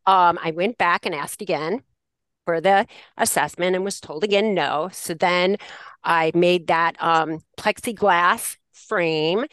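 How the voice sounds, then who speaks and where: A woman's voice: fairly low pitch, slow, a bit bright, no room sound. A woman teacher telling a classroom story in a podcast conversation, acting out the lines she quotes and laughing often. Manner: laughs often while talking. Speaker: special education teacher.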